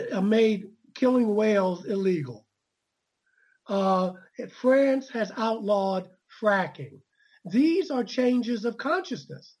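A woman's voice: mid-range voice, darkish tone, husky, dull audio. A woman author as an interview guest, earnest and reflective, often stammering on her first words. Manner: earnest, repetitive stammering starts. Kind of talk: conversational interview.

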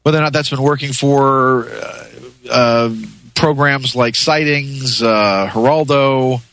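A man's voice: mid-range voice, measured pace, a bit bright, low-quality recording. A man as a talk show guest, rambling with many restarts in a chummy way. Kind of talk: casual interview chat.

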